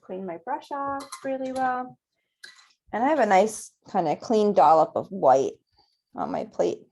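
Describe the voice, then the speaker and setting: A woman teaching a virtual painting class, guiding students gently step by step at a close mic. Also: mid-range voice, expressive, unhurried. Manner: gentle, encouraging step-by-step guidance. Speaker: painting instructor.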